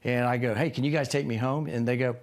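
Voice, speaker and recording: A podcast guest in his sixties tells a rambling personal story during a casual interview, acting out quoted lines in a sudden higher voice. He talks fast with fairly even intonation.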